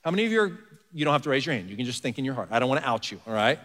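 A pastor preaches rapid-fire in a sing-song, fairly bright mid-range voice, keeping his sermon conversational. He peppers the congregation with rhetorical questions and bears down on key words, with the sanctuary's long, large-hall reverb trailing behind.

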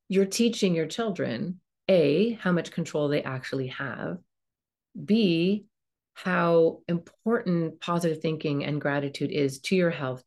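Gentle woman coaching self-talk. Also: low-pitched. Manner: gentle, coaching, acts out inner voices. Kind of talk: guided self-help talk.

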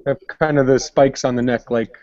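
A man's voice: mid-range voice, steady tone, fairly quick, darkish tone. A man co-hosting a podcast, joking and rambling, in a dull, muffled recording. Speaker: podcast co-host. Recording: dry, dull podcast audio.

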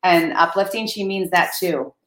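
A woman co-hosting a casual podcast chat, upbeat and quick to laugh. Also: lowish voice, roomy sound. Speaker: co-host.

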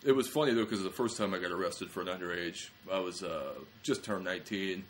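A young adult man, a comedian, telling rambling self-mocking stories in casual podcast chat, acting out quick quotes. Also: sits low, fairly bright tone, slight background noise. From small-town Ohio. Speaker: comedian guest.

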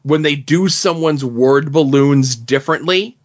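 A man co-hosts a casual comic book podcast, building each point slowly and thoughtfully. His voice is a little high. The recording sounds dull and lo-fi. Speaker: podcast co-host.

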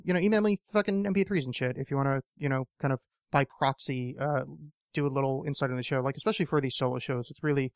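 A man's voice: a little high, clear, resonant tone, no echo, clean studio sound. A man hosting a casual solo podcast, rambling and swearing often, with lots of fillers and restarts. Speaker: podcast host.

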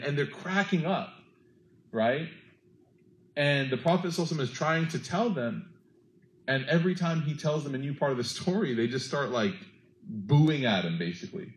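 A man giving a sermon, telling a story with animated, acted-out quotes. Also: medium pitch, reverberant, a little hiss or hum, poor audio. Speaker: preacher.

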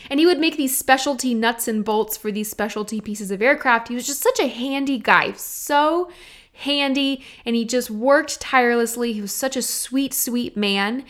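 A woman's voice: on the high side, moderate pace. Chatty woman podcast host. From Texas. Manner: warm, chatty and earnest, addressing listeners directly. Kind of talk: casual solo podcast talk.

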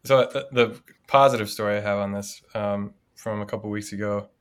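A priest co-hosting a podcast tells a personal story in casual conversation, his fairly low voice clear, resonant and a little fast. He's reflective overall but grows animated in the anecdotes.

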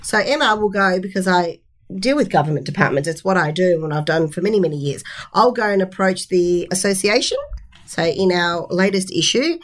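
An Australian woman, a magazine publisher, chatting as an interview guest and telling lively stories with frequent laughs. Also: on the low side, brisk. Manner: animated storyteller, laughs often. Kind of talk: casual interview chat.

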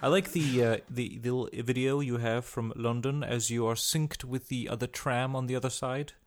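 A man in a casual chat who stammers and hesitates, with deadpan jokes. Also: mid-range voice, normal speed. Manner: hesitant, stammering, dry humor.

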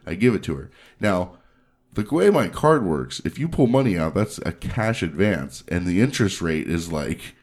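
A man's voice: low-pitched, normal speed. A male podcast host telling profane stories in casual chat, laughing as he goes. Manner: profane, animated, laughs between lines. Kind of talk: casual crude storytelling.

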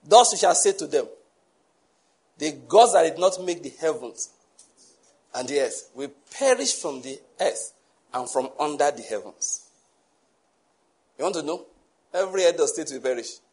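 A man preaching a sermon to a congregation, lively, acting out the people he quotes and laughing often. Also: a little high, normal speed, pauses often, breathy edge. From Nigeria. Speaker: pastor.

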